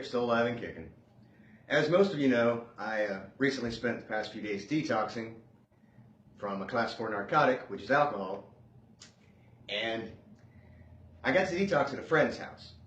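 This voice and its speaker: Animated sarcastic man in a roomy space. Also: mid-range voice. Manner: animated, sarcastic, swings loud and hushed. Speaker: stand-up comedian. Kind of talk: stand-up comedy set. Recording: dull lo-fi sound in a roomy space.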